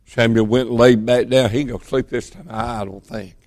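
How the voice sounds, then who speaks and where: A man from Georgia preaching a sermon, telling the story in a folksy way that swings between emphatic bursts and hushed, quiet moments. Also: medium pitch, steady tone, a little fast, dry recording.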